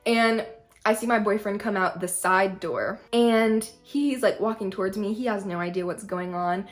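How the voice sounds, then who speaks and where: A woman's voice: mid-range voice, moderate pace. A young woman vlogger telling a personal story in a casual, chatty way, full of "like". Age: young adult. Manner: chatty, peppered with "like".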